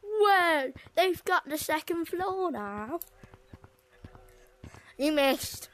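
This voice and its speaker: A woman's voice: very high voice, animated, very slow, fairly bright tone. A woman playing a game and narrating her own moves in a playful, sing-song way. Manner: playful, sing-song, breaks into shrieks and giggles.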